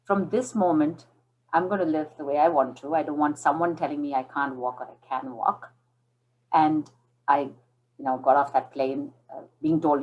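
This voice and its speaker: A woman's voice: low-pitched, steady tone, moderate pace, a little mellow, highs cut off. A woman in her forties from India, telling her story as an interview guest and acting out the dialogue in it. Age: 40s.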